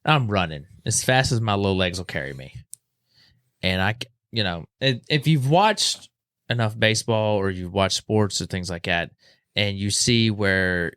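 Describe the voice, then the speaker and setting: A man's voice: on the low side, smooth, no room sound, studio quality. A young man casually telling a story as a podcast guest, acting out what people said. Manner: animated, acts out quoted voices.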